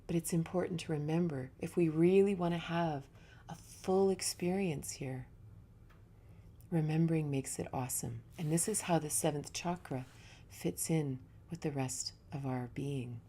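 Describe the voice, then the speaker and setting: A woman yoga teacher speaks in a low, warm voice with no bright edge. She gives a reflective spiritual talk in a relaxed, conversational way, telling stories as she teaches. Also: normal speed, slightly rough.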